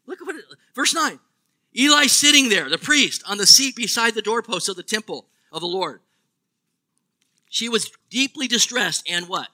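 A man preaching a sermon, animated and asking the congregation questions. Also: extremely high pitch, creaky. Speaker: pastor.

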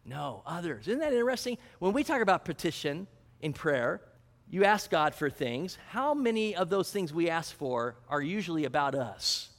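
A male pastor with a high voice delivers a sermon, putting questions to his congregation. The sound carries a long reverb, like a church hall. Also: big pitch swings, normal speed. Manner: teaching, asks the congregation questions.

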